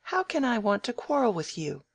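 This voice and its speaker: A reader puts on a quick-tongued young woman with a frank, teasing edge, set a little higher than the reader's own voice. The reading has a gravelly texture and comes over a dry, close microphone. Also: sing-song, no echo. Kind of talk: audiobook dialogue reading.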